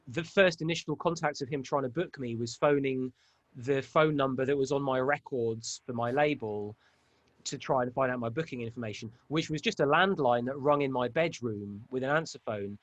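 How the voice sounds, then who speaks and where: An English man chatting casually as a guest, a lively storyteller who slips into comic voices. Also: medium pitch, dry recording. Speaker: DJ and producer guest. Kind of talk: casual podcast chat.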